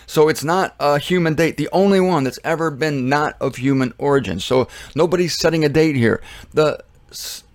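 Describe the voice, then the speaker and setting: A man's voice: a little high, normal speed, dry recording, clean studio sound. A man hosting a casual Bible teaching show, rambling and joking, often trailing off and restarting.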